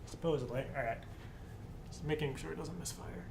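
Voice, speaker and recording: A man's voice: fairly high pitch, fairly quick, gravelly, a little mellow. Young male stream host, nervous and profane, laughs a lot; light noise in the room. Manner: nervous, swearing, laughing often. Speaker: live show host. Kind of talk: casual live-stream chat.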